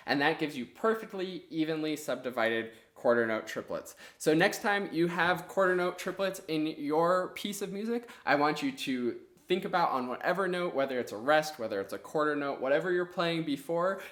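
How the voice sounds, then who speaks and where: A man teaching an online clarinet lesson, patiently explaining step by step and counting rhythms out loud. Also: a little high, lively intonation, moderate pace, few pauses. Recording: echoey room.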